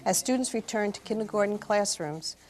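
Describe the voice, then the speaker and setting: A woman, a guest on an education program, explaining classroom footage in a measured voice-over. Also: mid-range voice, darkish tone. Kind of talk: voice-over narration.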